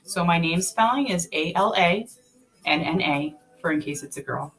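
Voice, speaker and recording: A young woman with a somewhat low voice co-hosts a relaxed talk show. She is pregnant and keeps the tone teasing, with frequent laughter. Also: moderate pace, soft background music, rough recording. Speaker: co-host. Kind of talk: casual chat.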